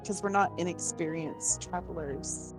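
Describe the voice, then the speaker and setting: A woman's voice: fairly low pitch, normal speed. A woman playing a tabletop game, encouraging the others and laughing often, with faint music behind. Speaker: player.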